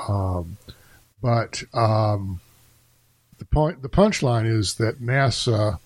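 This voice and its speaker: A man co-hosting a podcast in casual chat, halting and wry, with many restarts. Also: fairly low pitch, lively intonation, no room sound. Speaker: podcast co-host.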